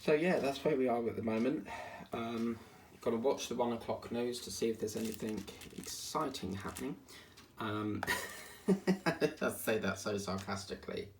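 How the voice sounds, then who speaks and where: A man's voice: mid-range voice, normal speed. A man chatting casually and grumbling in asides while working on a diamond painting at home. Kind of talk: casual chat while crafting. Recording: distant mic, faint background hiss.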